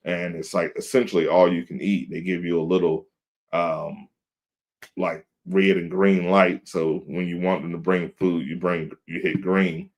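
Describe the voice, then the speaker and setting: A man's voice: sits low, level tone, measured pace. A man in his thirties, co-hosting a podcast in casual chat, telling laid-back stories and acting out quotes. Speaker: podcast co-host. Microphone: video call.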